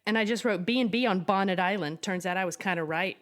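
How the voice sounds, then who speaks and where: A woman's voice: medium pitch, quick pace, a bit bright. A woman co-hosting a podcast, recapping events in a plain, matter-of-fact casual chat. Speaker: podcast co-host.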